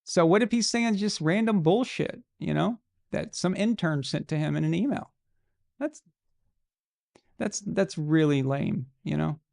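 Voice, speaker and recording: A man with a fairly high voice and a gravelly, fried edge hosts a live show. He rants bluntly and casually about sports, swearing freely. The sound is dry and close. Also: unhurried, a little mellow, dry recording.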